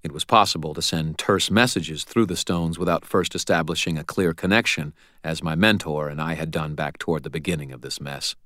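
A man's voice: very deep voice, brisk, hardly any pauses, sharp tone, no echo. A man narrating a first-person audiobook with wry, dry storytelling.

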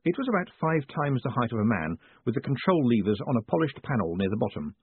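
A man narrating an audiobook in a lively, expressive storytelling manner, through a tinny, phone-like recording. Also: medium pitch, quick pace, husky, no room sound. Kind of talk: scripted narration.

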